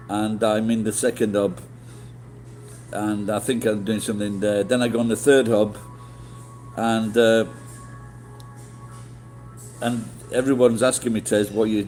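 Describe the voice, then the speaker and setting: Middle-aged man, low voice, rambling swear-laden storytelling to chat, faint music behind. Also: little pitch movement, measured pace, pauses often, darkish tone. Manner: rambling, swearing, many restarts and fillers. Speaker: livestreamer.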